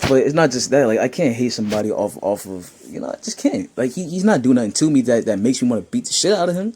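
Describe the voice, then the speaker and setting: Mocking young man, mellow husky voice. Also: mid-range voice, quick pace. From New York. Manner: laughing, mocking, animated rants. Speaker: YouTuber reading comments. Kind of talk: casual commentary reading comments.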